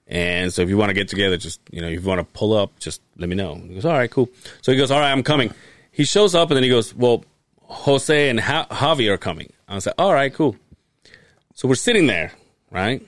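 Animated man telling a bar story. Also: fairly low pitch, brisk, no room sound, clean studio sound. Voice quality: animated, swears freely, laughs while telling. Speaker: podcast co-host. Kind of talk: casual storytelling chat.

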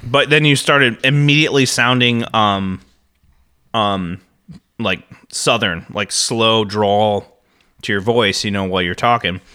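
A man's voice: lowish voice, measured pace, pushed and bright, smooth. A man from the Midwest co-hosting a podcast, chatting casually and ranting with heavy profanity and frequent laughter. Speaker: podcast co-host.

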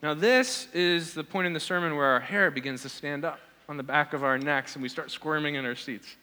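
Male pastor, earnest sermon delivery with searching questions; bright, slightly high voice in a reverberant hall. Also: fairly quick. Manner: earnest, asks the congregation repeated questions. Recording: long reverb of a large hall.

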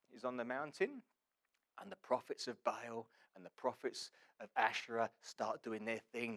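A man preaches with a fairly high voice and plenty of animation. He swings between near-shouting and hushed asides as he tells the story. His delivery carries a wry, sarcastic humour. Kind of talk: sermon.

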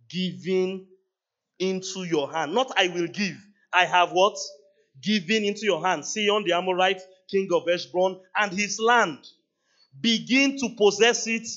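A man preaching a sermon at a church service, animated, laughing often and acting out dialogue with God. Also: high-pitched, highs cut off. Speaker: pastor.

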